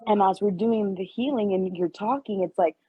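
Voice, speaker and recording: A woman who is a healer sharing in a group class, in a halting, emotional way with many fillers. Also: medium pitch, husky, no room sound. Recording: dull, dry lo-fi sound.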